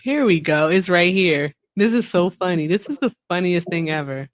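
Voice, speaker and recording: A woman's voice: fairly low pitch, lively intonation, normal speed, no room sound. A woman hosting a casual late-night group chat, laughing often and sounding sleepy and playful. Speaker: host.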